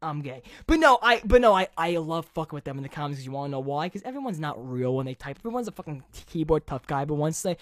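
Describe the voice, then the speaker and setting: A man's voice: fairly high pitch, sing-song, quick pace, hardly any pauses, a bit bright. A young man from Brooklyn, chatting as a podcast host. He swears a lot and swings his voice up and down. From Brooklyn, New York. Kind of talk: casual chat.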